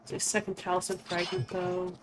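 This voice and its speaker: Quiet, musing woman streamer. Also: fairly low pitch, monotone, brisk, noisy background. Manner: quiet, musing, with frequent fillers and self-corrections. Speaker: game streamer. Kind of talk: casual gameplay commentary. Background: faint game music.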